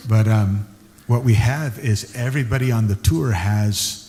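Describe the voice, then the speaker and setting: A male host talks in a chatty, easygoing manner with a low, warm, mellow tone. The sound has a long, echoey hall reverb around it. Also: a little slow. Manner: chatty, says he can get loud. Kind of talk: casual interview conversation.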